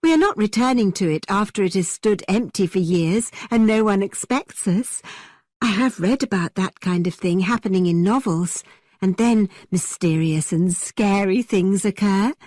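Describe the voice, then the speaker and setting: A woman voicing an excitable, nervous young woman with a high, trembling voice. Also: moderate pace, dry recording, studio quality, natural voice. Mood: eager.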